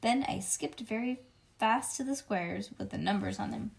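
A woman reading a children's book aloud to a child, expressive and lively. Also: fairly high pitch, moderate pace, vocal fry, slight background noise.

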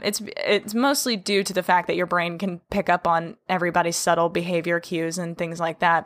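Woman podcast host, casual solo talk, chatty, quick to laugh, acts out quotes. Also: lowish voice, a bit bright.

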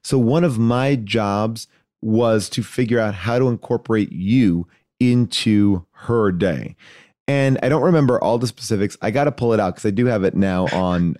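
Male comedian guest, low-pitched, dry close sound, loose rambling anecdote style. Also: no echo. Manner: animated, acts out voices in his anecdotes; loose and rambling, many fillers and restarts. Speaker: podcast guest, actor and comedian. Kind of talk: casual storytelling chat.

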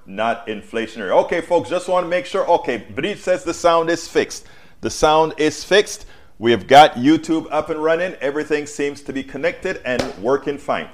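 A man hosting a live-streamed political talk show on a wireless mic, talking to viewers as folks and breaking into loud, emphatic outbursts. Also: a little high. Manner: animated, addresses viewers as folks.

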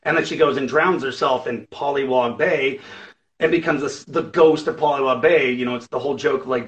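A man's voice: mid-range voice, brisk, muffled recording. A man, a musician guest, chatting casually in an interview and rambling with lots of fillers and acted-out quotes.

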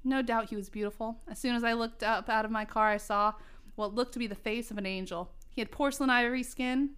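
A woman's voice: fairly high pitch, steady tone, quick pace, a bit bright, smooth. Woman laughing through reading her old story. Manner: laughing, self-mocking asides. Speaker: reader. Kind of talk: comedic reading of old teen fiction.

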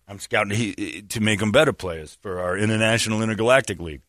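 A man hosting sports talk radio, telling animated stories and acting out the people he quotes. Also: lowish voice, fast talker, few pauses, no echo, studio quality. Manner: animated storyteller who acts out quoted voices.

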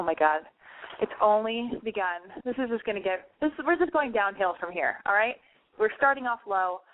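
A woman with a lisp hosting a casual call-in radio show, excitable, profane and self-mocking. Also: medium pitch. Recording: tinny phone-line sound.

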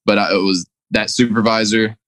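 Laid-back young man, lowish voice. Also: steady tone, normal speed, fairly bright tone, no echo, rough recording. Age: 20s. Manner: laid-back, laughs often, swears freely. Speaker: podcast guest, commercial diver. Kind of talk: casual podcast chat.

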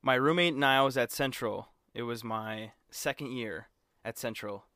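A man's voice: mid-range voice, normal speed, bright, forceful tone, no echo, studio quality. A young man co-hosting a podcast, telling a college story in casual chat, acting out quotes and swearing freely. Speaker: podcast co-host.

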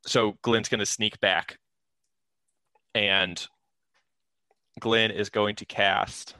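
A man's voice: on the low side, flat delivery, extremely slow, sharp tone, smooth, no echo. A young man talking as a player in a tabletop game, hesitant with many fillers.

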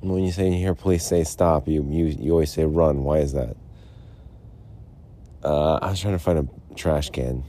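A man's voice: very deep voice, normal speed, warm tone. A man hosting a solo podcast, rambling and frustrated, mumbling and repeating himself. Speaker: podcast host. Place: Arizona.

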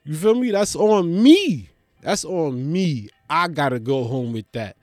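A man ranting in a profane stand-up comedy style, animated, swinging between mocking voices and loud outbursts. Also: a little high, moderate pace, no room sound, clean studio sound, soft background music.

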